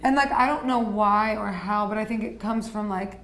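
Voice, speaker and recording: Chatty woman guest, animated storytelling. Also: medium pitch, moderate pace. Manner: animated, heavy use of "like". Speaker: guest photographer. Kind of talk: casual interview chat.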